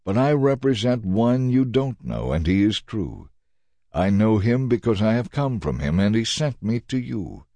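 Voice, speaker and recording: A man voicing Jesus as a calm, authoritative teacher making measured, earnest declarations in a dramatized Bible reading. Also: low-pitched, breathy edge, dry recording, exaggerated voice.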